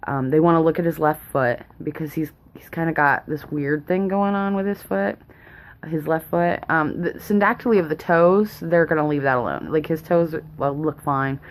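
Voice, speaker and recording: A woman's voice: low-pitched, fairly even intonation, moderate pace. A young woman, a mother vlogging at home, rambling nervously and laughing often. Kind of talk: casual rambling chat. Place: home, indoors.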